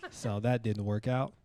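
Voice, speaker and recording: A man's voice: fairly low pitch, warm tone. Chatty male stand-up comic on stage. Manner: conversational, rapid asides with you know and like. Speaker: stand-up comedian. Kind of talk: stand-up comedy set. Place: comedy stage before a live audience.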